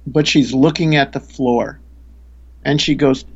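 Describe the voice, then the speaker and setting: A man's voice: medium pitch, fairly even intonation, measured pace, slightly rough, lo-fi sound. A man, a spiritual teacher, earnestly telling a story in a conversation, often restarting his sentences.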